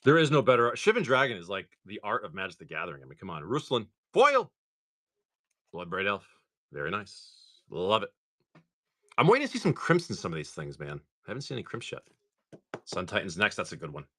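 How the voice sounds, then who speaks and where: Lively, chatty male stream host. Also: low-pitched, fast talker. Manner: chatty and excitable, talks straight to viewers. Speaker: live-stream card seller and host. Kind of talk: casual live-stream chat while opening packs.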